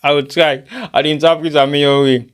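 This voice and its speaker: A man's voice: fairly high pitch, level tone, brisk, clean tone. A man from Sierra Leone with a Krio-inflected accent, hosting a live online show and giving rhetorical commentary that mixes English and Krio. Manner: rhetorical, repeats catchphrases, asks listeners questions.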